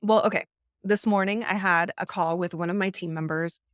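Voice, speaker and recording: Lively, candid woman telling stories. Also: fairly low pitch, normal speed, no echo, clean studio sound. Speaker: podcast guest, marketing agency owner. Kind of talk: casual conversation.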